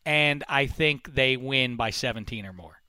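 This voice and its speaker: A man's voice: medium pitch, measured pace, pushed and bright, smooth, no echo. Joking male sports podcast host. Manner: joking, rambling, hesitant fillers. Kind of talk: casual sports talk.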